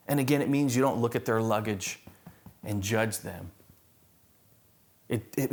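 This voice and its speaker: Lebhafter Prediger, Mann, Gemeindegottesdienst. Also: male voice, on the low side, vocal fry. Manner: conversational, animated preaching with humor. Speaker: pastor. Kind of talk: sermon.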